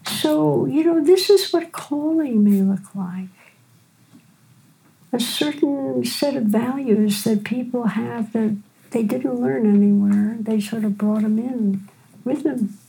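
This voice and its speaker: Older lady telling stories, gravelly low-key warm voice, keeps saying right?. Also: poor audio. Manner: gentle unhurried storyteller, frequent "right?". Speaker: physician and teacher. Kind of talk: storytelling in a conversation.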